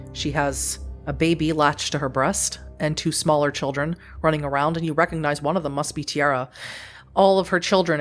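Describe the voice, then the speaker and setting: Low-voiced woman narrating a tabletop game. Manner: descriptive, measured narration. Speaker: storyteller.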